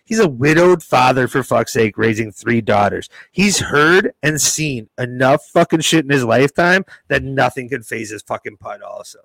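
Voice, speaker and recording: A man giving a profane, animated opinion rant in casual podcast banter. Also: mid-range voice, moderate pace, creaky, hardly any pauses, dry recording, poor audio.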